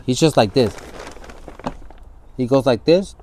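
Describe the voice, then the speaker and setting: A man's voice: medium pitch, expressive, takes it slowly, mellow, slight background noise. A man, speaking in a candid documentary interview. He tells his story vividly, acting out the scenes and swearing freely. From San Francisco Bay Area.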